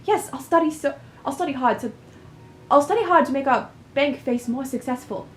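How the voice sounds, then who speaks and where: A woman's voice: high-pitched, normal speed, faint music behind, pitched above the performer's own voice, close to an everyday voice. A woman voicing an earnest young man, the hurt adopted son, in a pleading, wounded way. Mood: eager.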